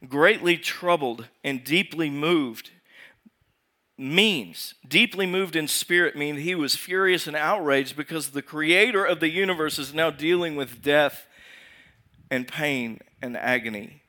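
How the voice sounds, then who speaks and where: A male pastor preaching with a bright, forceful tone sitting a little above the usual male pitch. He asks the congregation rhetorical questions. He moves between raised emphasis and quiet, drawn-out phrases. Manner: swings from raised emphasis to hushed, slow delivery. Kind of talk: sermon.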